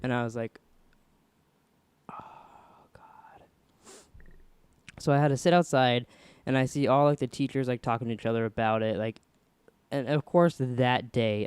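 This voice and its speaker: A young male podcast host speaks quickly in a clear, resonant voice, captured in a dry recording. He tells a story casually and animatedly, acting out the people in it with jumps in pitch.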